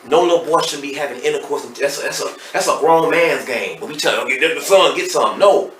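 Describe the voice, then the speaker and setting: A middle-aged man with a Texas accent, speaking as a podcast guest and telling his story candidly and emotionally, swinging between loud and hushed. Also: fairly high pitch, fairly quick, distant mic. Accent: Southern US, Texas. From Dallas, Texas. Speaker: podcast guest, hip hop artist. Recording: roomy echo, off-mic, faint noise.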